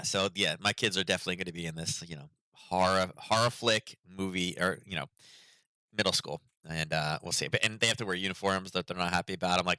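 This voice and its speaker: A man's voice: low voice, pushed and bright, dry recording. A middle-aged man hosting a market livestream, chatting casually and rambling with lots of fillers. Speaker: market analysis host.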